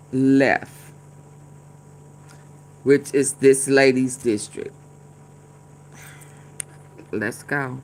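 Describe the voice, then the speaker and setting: Slow heated woman reacting to a clip. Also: a bass voice, fairly bright tone, slight background noise. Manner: heated, talks back to the screen and commenters. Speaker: commentary streamer. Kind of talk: casual reaction commentary.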